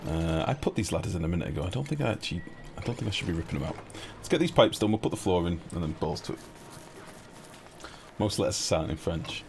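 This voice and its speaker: A man's voice: low-pitched, lively intonation, fast talker, vocal fry, a little mellow, soft background music. A man live-streaming a game, joking and teasing his chat in playful banter.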